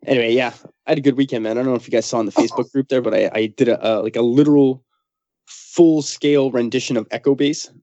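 A man's voice: mid-range voice, fairly even intonation, fast, dark tone, dry recording. A man co-hosting a podcast in loose, joking chat, repeating words as he goes. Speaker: podcast co-host. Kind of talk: casual chat. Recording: dull, dry lo-fi recording.

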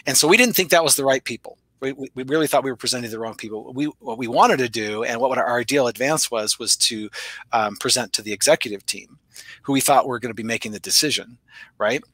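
Male sales coach, quick and sharp-toned, animated storyteller with dialogue impressions; dry, close recording. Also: mid-range voice, slightly rough, dry recording. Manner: animated storyteller, playful voice shifts for quoted lines. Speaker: sales trainer. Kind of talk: conversational teaching with acted-out dialogue.

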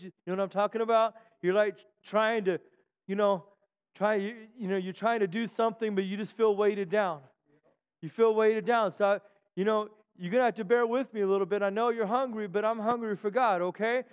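A man preaching a sermon as pastor in a church, urging the congregation to respond and rising into loud chanted shouts. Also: high-pitched, fairly even intonation, fairly quick, smooth, in a large hall, dull audio. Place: church sanctuary.

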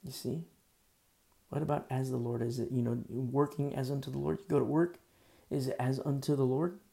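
A man's voice: mid-range voice, steady tone, moderate pace, gravelly, mellow. A man preaching a sermon in a conversational, folksy way, with asides and quoted lines. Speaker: pastor.

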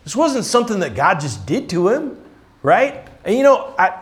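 A man's voice: high voice, big pitch swings, moderate pace, slight background noise. A man preaching a conversational sermon, often checking in with "right?" in a casual, chatty way. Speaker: pastor.

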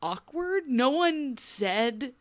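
A woman co-hosting a podcast, giving a wry, animated recap with frequent laughs. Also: sits high, very slow. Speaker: podcast co-host. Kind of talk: casual recap chat.

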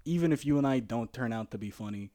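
Lively-pitched laid-back man. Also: quick pace. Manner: laid-back, lots of agreeing fillers. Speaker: podcast co-host. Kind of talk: casual chat.

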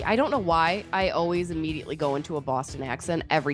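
A woman co-hosting a podcast with chatty, teasing, animated sports talk. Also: deep voice, fast, few pauses, faint music behind. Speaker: podcast co-host. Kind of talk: casual sports chat.

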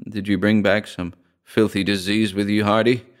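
A drunk, grieving man speaks in a dead, flat, expressionless voice that carries a quiet threat, as a male reader puts him on. The low tone is dark and dull in an audiobook horror reading. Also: moderate pace, smooth, lightly acted. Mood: dull menace.

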